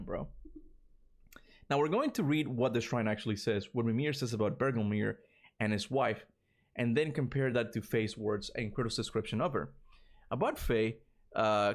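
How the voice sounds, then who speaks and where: A man streaming about games, reading a long theory out loud and tripping over the words as he goes. He keeps stopping to chat casually, saying "you know" and "bro" all the time. His voice sits at an ordinary middle pitch for a man. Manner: stumbles over reading, breaks into casual asides. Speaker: gaming streamer. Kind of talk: livestream reading a fan theory aloud.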